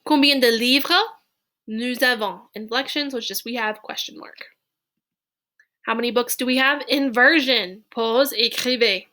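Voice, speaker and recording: A woman teaching a recorded French lesson. She reads French phrases slowly for dictation, then explains them in chatty, playful English. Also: a little high, bright, forceful tone.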